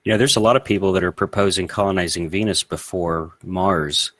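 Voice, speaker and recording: A man's voice: low voice, fairly even intonation, fairly quick, fairly bright tone, dry recording. A man in casual chat, explaining ideas with confident, matter-of-fact ease and the odd swear word.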